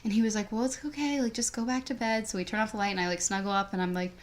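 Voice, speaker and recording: A woman's voice: mid-range voice, fairly even intonation, rapid-fire. A young woman co-hosting a podcast, casually telling a story and filling it with "like". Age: teens. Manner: rambling, says "like" constantly. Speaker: podcast co-host.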